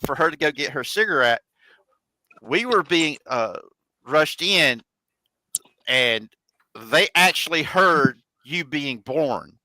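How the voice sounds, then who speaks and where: A man telling a long, halting family anecdote in a casual chat on a video call. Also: fairly high pitch, animated, sharp tone, no room sound, rough recording. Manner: rambling, halting anecdote teller. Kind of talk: casual storytelling.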